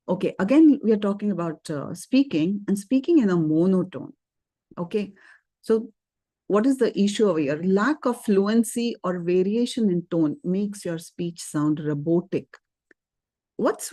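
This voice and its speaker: A woman's voice: medium pitch, no room sound. A woman teaching an exam speaking class in a webinar, talking conversationally with lots of "okay" and "you know". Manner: conversational, lively intonation with frequent fillers and "okay". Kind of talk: webinar lesson.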